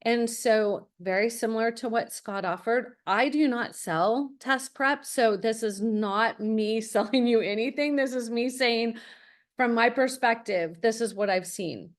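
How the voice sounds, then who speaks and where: A woman's voice: on the high side, a little slow. Direct middle-aged woman giving advice. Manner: direct, anecdotal, acts out quotes. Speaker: college admissions consultant. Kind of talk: webinar masterclass talk.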